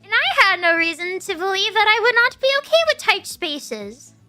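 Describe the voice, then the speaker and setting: A young woman telling a story casually to her stream, halting and restarting, laughing often. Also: very high voice, sing-song, pushed and bright, soft background music.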